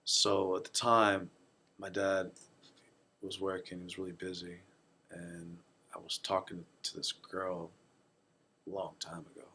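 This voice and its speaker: A man who manages his family's restaurant, telling stories casually in an interview, relaxed and heavy on fillers. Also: low voice, a little slow, long pauses, a little hiss or hum.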